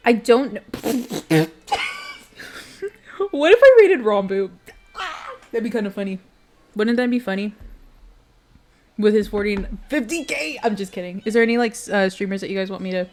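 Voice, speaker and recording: A giggly, emotional young woman streams from home and chats directly with her viewers at an ordinary middle pitch. She speaks into a desk microphone, and soft music plays faintly behind her. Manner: giggly, emotional and chatty, talking to chat. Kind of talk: casual chat with stream viewers.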